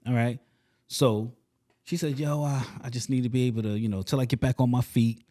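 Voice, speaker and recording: A man's voice: medium pitch, fairly even intonation, brisk, warm tone. A man co-hosting a casual podcast, telling emphatic stories and acting out the dialogue. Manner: emphatic storyteller, acts out dialogue. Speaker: podcast co-host.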